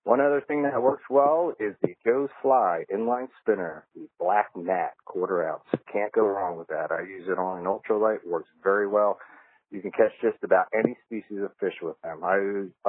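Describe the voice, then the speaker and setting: A man's voice: low-pitched, normal speed, slightly rough. A man calling in a folksy fishing report. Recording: tinny phone line.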